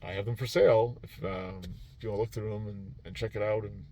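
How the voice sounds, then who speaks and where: A man's voice: fairly low pitch, steady tone, quick pace, dark tone, slight background noise. A man who runs tabletop games at a convention, recapping his weekend in a loose, rambling way with lots of fillers and restarts. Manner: rambling, many fillers and restarts, laughs easily. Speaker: game master at a convention. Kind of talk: casual vlog recap.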